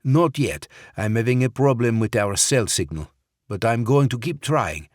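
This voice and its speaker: A man's voice: mid-range voice, expressive, normal speed, no echo, clean studio sound, pitched above the performer's own voice, natural voice. A man voicing a wary male security guard at a farm gate. The guard speaks in a cautious, officious way.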